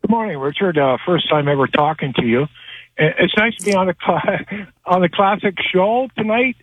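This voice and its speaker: A man calling in to a radio show, telling a story in a rambling, animated way with many restarts, heard over a phone line. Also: high voice, moderate pace, slightly rough, dry recording. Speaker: caller. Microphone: telephone.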